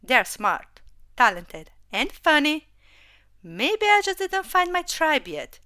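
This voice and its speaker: Brief: soft, earnest dragon robot girl read by a woman, storybook voice, bright and slow. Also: high voice, sing-song, dry recording, studio quality, voice pushed up, heavily acted. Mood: hurt. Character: young female dragon robot, gentle and hopeful. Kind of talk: storybook reading.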